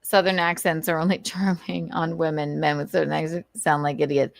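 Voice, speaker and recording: A woman's voice: low voice, steady tone, vocal fry, no room sound, studio quality. Candid, profane woman livestreamer. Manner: candid and profane, laughs often; halting, with many restarts and fillers. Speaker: livestream host. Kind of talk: casual livestream chat.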